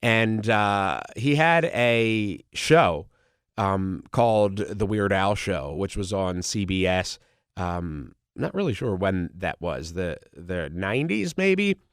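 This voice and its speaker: A man with a cold hosts a podcast in a relaxed, unhurried way, his voice nasal and congested. He rambles with eager asides and "you know"s. The sound is smooth and clear, very close and dry. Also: sits low, no room sound. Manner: chatty, enthusiastic, many fillers. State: congested, under the weather. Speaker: podcast host. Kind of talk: casual solo podcast talk.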